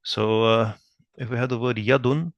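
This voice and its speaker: A mid-range male voice with fairly even intonation explains an Arabic grammar lesson at a whiteboard, in a recording with no echo and the highs cut off. He's patient with each point, spells Arabic terms slowly, and checks understanding through frequent questions.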